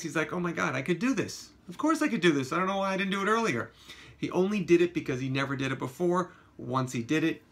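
A dog trainer tells a story from his job in a relaxed vlog, talking straight to the camera. He is animated and acts out what people said in a raised voice. His voice sits mid pitch, with a faint hiss behind it.

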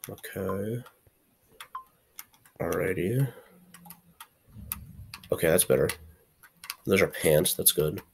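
A young man with a fairly low voice talks his way through a survival game in a loose, chatty commentary. He trash-talks opponents with a playful edge and now and then breaks into loud, frustrated yelps. A faint hiss of noise sits under the recording. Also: vocal fry. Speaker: gaming channel host. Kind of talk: casual gameplay commentary.

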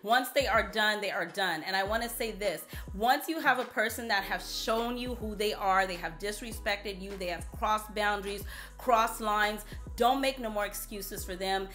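A woman vlogger chatting casually to camera about perfumes, animated and playful, repeating herself for emphasis. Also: medium pitch, normal speed, soft background music. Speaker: beauty vlogger reviewing perfumes.

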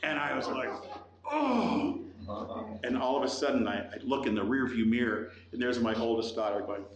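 A middle-aged man preaching a sermon, telling a personal story with lively acted-out voices. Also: medium pitch, fast, highs cut off, background noise. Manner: animated storytelling, acts out quoted voices. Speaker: pastor. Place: church hall. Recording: echoey room with faint ambience.

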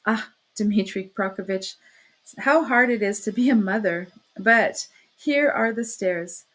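A woman's voice: medium pitch, a little slow, fairly bright tone. Woman reading as a flustered anxious mother. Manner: flustered, exclaiming. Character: anxious fluttering older mother, timid.

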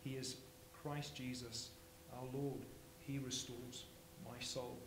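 A man's voice: medium pitch, flat delivery, slow. Preaching man in an echoey church. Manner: swings from hushed to loud emphatic. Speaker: pastor. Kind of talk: sermon. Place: church sanctuary. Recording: echoey church, faint hum.

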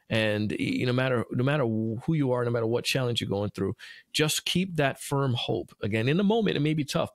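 A man's voice: mid-range voice, gravelly, no echo, clean studio sound. A man hosting a devotional podcast, speaking in an earnest, encouraging way with frequent restarts. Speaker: podcast host.

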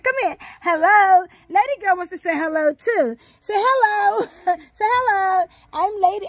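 A woman's voice: sits high, dry recording. Exuberant sing-song grandmother vlogging. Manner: exuberant sing-song, calls out greetings, hums and croons. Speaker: vlog host. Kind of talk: casual home vlog with grandchildren.

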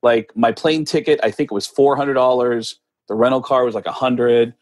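Animated male comedian telling stories. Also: mid-range voice, normal speed. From United States. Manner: animated, acts out other people's voices in quotes. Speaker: podcast guest, comedian and impressionist. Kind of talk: casual storytelling.

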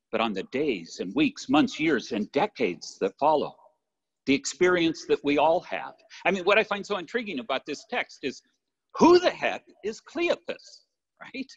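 A man's voice: medium pitch, husky. An older man preaching a sermon from his church, talking conversationally and often asking his listeners "right?". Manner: conversational, warm asides with "right?". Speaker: pastor. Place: church sanctuary. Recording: lo-fi livestream with long church reverb.

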